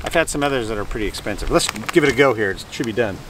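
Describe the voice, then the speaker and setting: A man with an expressive, medium-pitched voice talks very fast as he rambles casually through a food review, tossing in jokey asides. He's sitting outdoors by the water filming with a hand-held camera, and traffic and vehicle noise can be heard.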